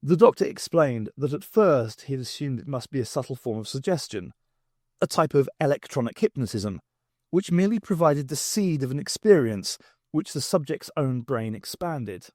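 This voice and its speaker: Male novel reader, lively pitch, dry close sound. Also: moderate pace, no echo. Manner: expressive, varied storytelling. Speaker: audiobook reader. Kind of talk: unabridged novel reading.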